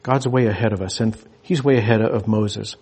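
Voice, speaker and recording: Guy preaching, husky kinda breathy voice, chatty and loose, lots of restarts. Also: on the low side, moderate pace. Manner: conversational, animated, frequent restarts and chuckles. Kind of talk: sermon.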